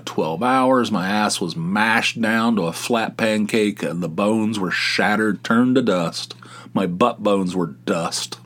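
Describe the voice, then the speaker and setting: A middle-aged man hosting a podcast, rambling through a casual comic monologue with lots of restarts and exasperated asides. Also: on the low side. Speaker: podcast host.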